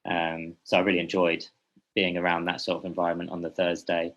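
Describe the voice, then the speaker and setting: A man's voice: sits low, completely flat delivery, fairly quick, fairly bright tone, highs cut off. A man talking as a podcast guest, a boxing journalist who speaks in a meandering, hesitant way and keeps correcting himself. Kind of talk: casual podcast conversation.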